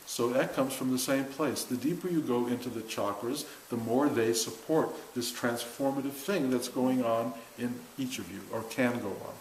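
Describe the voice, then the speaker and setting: A man gives a spiritual talk to a group in a roomy, echoing space, with a faint hiss under the recording. His voice sits at an ordinary middle pitch. He talks in an animated way and acts out the voices he quotes. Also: normal speed, few pauses. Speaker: spiritual teacher. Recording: echoey room with faint hiss.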